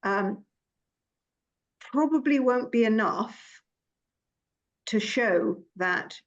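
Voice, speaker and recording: Gravelly woman, dull lo-fi recording. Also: fairly high pitch, lively intonation, very slow. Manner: chatty, many restarts, storytelling. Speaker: dental compliance consultant, guest. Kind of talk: casual professional conversation. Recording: dull lo-fi sound.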